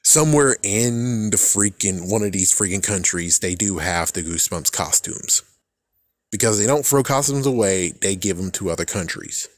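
A young man giving a casual, rambling fan reaction, excitable and swearing freely as he trails off and restarts. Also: on the low side, moderate pace, dry recording. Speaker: fan vlogger.

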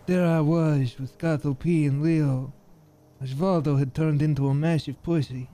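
A man voicing a laid-back, deadpan character who tells stories in a slow, dry drawl. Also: on the high side, close to an everyday voice. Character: laid-back deadpan male gang member James Randal. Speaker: streamer's roleplay character.

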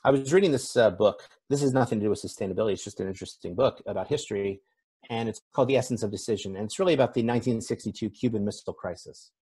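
A man's voice: on the low side, very fast, dark tone, husky. A man speaking as a conference speaker in a conversational, self-deprecating keynote, with frequent fillers. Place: event stage.

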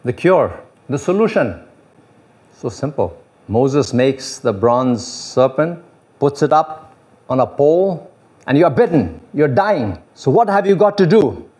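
A man preaching a sermon as pastor, animated and repetitive, often chuckling and acting out the voices of others. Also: mid-range voice, a little slow. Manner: repeats phrases and uses you know as filler.

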